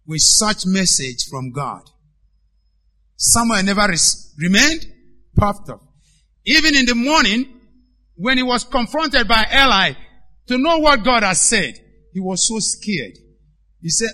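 High, sharp-voiced male preacher. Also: animated, a little slow, long pauses. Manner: emphatic, swings between loud and hushed. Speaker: pastor. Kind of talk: sermon.

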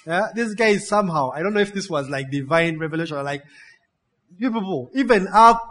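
A man's voice: high-pitched, fairly quick. A man preaching a sermon, calling out to his congregation and stacking up synonyms as he goes. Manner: animated, call-and-response, piles up synonyms.

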